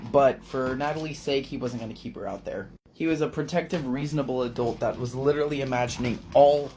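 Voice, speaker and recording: A man's voice: medium pitch, a little hiss or hum. Chatty casual storyteller man. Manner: chatty, filler-heavy, shifting volume. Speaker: book reader and recapper. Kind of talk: casual book recap narration. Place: apartment.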